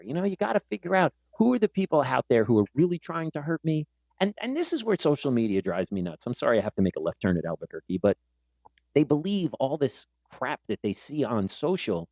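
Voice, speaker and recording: A man's voice: on the high side, a little fast, vocal fry, no room sound. Teacher guy hosting a podcast, voice jumps all over, dry close sound, acts out every quote. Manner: animated, acts out quoted dialogue. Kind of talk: casual conversational storytelling.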